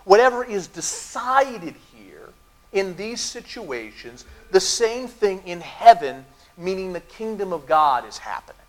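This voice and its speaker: A middle-aged male pastor preaching to his congregation in a church. His voice sits high for a man and swings widely in pitch, rising and falling with emphasis as he tells stories and puts questions to the room. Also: unhurried. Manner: lively storytelling with audience asides. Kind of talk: sermon. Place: church sanctuary.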